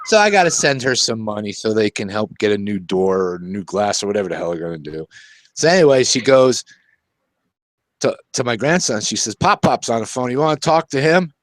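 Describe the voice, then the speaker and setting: A man's voice: fairly low pitch, expressive, brisk, no echo. Older male host, folksy storyteller, laughs a lot, dry close sound. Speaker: show host. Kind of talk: casual talk show chat.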